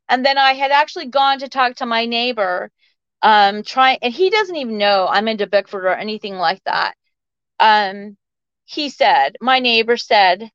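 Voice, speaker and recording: A fairly high-pitched woman in her forties tells her story with lively energy, jumping into the voices of the people she quotes. Her voice is smooth and resonant, but the recording sounds a little dull and muffled, with no room echo. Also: normal speed. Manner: acts out the quoted voices of others with shifts in pitch. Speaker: podcast guest. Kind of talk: animated personal storytelling. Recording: slightly muffled dry recording.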